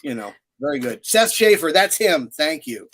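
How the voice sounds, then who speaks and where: A man's voice: fairly high pitch, moderate pace, vocal fry. Rambling sixty-year-old man telling stories. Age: 60s. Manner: rambling, animated storyteller with many fillers. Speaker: puppeteer guest. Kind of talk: casual interview chat.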